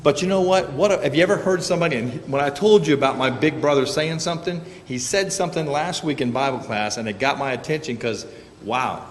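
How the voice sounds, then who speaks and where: Male preacher, mid-pitched, folksy and joking, storytelling from a reverberant church sanctuary. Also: brisk, a little hiss or hum. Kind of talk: conversational sermon.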